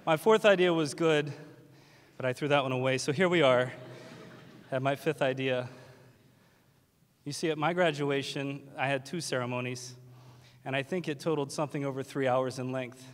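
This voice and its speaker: Wry teacher speaking in a reverberant hall. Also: male voice, medium pitch, moderate pace, long pauses. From West Virginia. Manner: wry, self-deprecating humor. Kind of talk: graduation speech. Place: large hall at a graduation ceremony.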